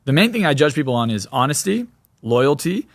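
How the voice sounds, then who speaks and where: A man's voice: a little high, sing-song, brisk, dry recording. A man speaking as a podcast guest in a blunt, emphatic, opinionated way. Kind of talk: podcast interview.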